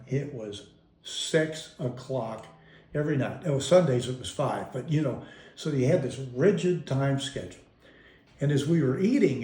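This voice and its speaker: A man's voice: mid-range voice, dark tone. A man being interviewed, casually reminiscing about his family as an amused storyteller who often stops and restarts his sentences. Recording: roomy echo.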